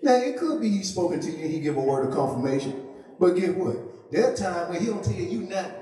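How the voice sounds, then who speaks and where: Pastor, high voice, jokey sermon, booming echoey church from a distant mic. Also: male voice, sing-song, fast talker. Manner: playful, joking with the congregation, rising to a shout. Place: church sanctuary.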